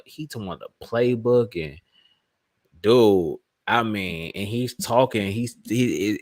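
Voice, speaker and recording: A man hosting a fan channel, giving casual, excitable reaction commentary full of slang and repetition. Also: fairly low pitch, no echo, studio quality. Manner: excitable, repeats himself, slangy.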